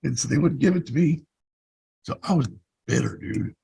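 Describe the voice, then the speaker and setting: A man's voice: fairly high pitch, lively intonation, normal speed, creaky, warm tone, slightly rough, poor audio. A man in his fifties who vlogs, telling his own story in a blunt, profane, rambling way. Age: 50s. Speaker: vlogger. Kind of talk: casual personal storytelling.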